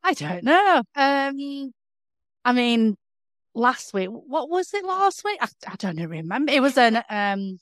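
A woman's voice: on the high side, very animated, measured pace, no room sound, clean studio sound. A woman co-hosting a podcast, talking casually with many hesitations and fillers. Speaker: podcast co-host. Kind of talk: casual chat.

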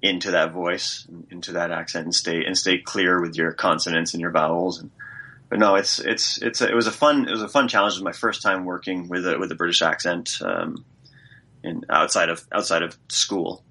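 A man's voice: low voice, fairly even intonation, normal speed, pushed and bright, husky. A man, an actor guest, talking enthusiastically in a casual interview, with frequent restarts.

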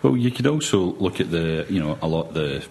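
A man talking football in a measured, rambling way, full of hesitations. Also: deep voice, animated, creaky, a little mellow, slight background noise. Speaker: podcast guest pundit. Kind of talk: casual football chat.

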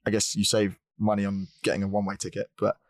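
A man co-hosting a podcast in casual chat, speaking in a measured, hesitant way. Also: fairly low pitch, completely flat delivery, dry recording, clean studio sound. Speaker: podcast co-host.

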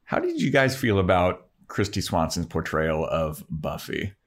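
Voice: sits low, lively intonation, unhurried. A podcast co-host chatting casually, putting questions and steering the talk along with short remarks. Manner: brief interjections, steers the talk. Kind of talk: casual chat.

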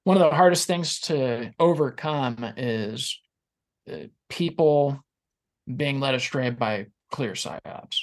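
A man's voice: mid-range voice, takes it slowly. Earnest man talking as podcast guest. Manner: earnest, reflective. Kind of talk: casual conversation.

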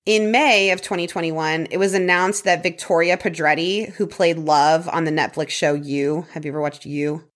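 A woman's voice: low voice, steady tone, normal speed, few pauses. A woman co-hosting a podcast, casually telling a true crime story from her notes with fillers and light laughter. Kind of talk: casual chat reading prepared notes.

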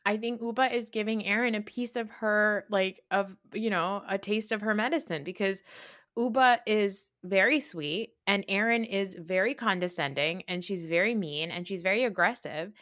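A woman's voice: medium pitch, moderate pace, fairly bright tone. A woman hosting a podcast in casual chat, recapping a reality show, laughing often and mimicking the cast members. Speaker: podcast host.

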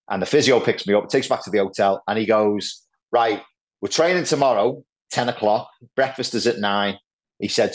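A middle-aged man, telling lively football anecdotes as a podcast guest, peppered with "like" and "right". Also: lowish voice. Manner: animated anecdotes, lots of "like" and "right". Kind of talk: casual storytelling chat.

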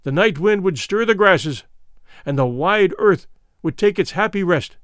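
High-voiced man reading an adventure novel. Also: animated, a bit bright, clean tone, no echo, studio quality. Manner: measured, reflective storytelling. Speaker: audiobook narrator. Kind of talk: first-person literary narration.

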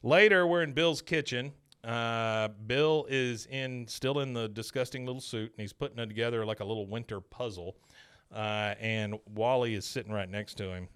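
A man's voice: medium pitch, normal speed, fairly bright tone, clean tone, no echo, clean studio sound. A man hosting a podcast, casually retelling a cartoon episode and briefly mimicking the characters' lines. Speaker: podcast host.

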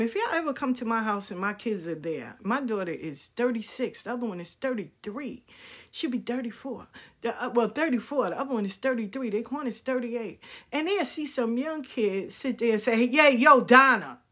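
A woman's voice: a little high, animated, fairly quick, breathy edge. A woman in her fifties telling stories in a casual, blunt, profane way, acting out the people she quotes. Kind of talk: casual storytelling rant.

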